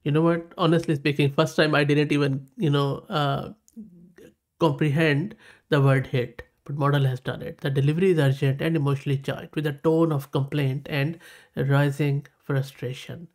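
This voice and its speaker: A man with a South Asian English accent walks through a tech tutorial in a casual, enthusiastic way, often repeating his praise. His voice sits a little on the high side. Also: little pitch movement, normal speed. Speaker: tech channel host. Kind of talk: casual screen-recorded tutorial.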